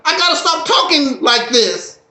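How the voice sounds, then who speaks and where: High-voiced man streaming in an echoey room. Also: big pitch swings, measured pace, pushed and bright. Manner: joking, preachy, dramatic. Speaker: YouTube streamer. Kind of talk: casual livestream monologue.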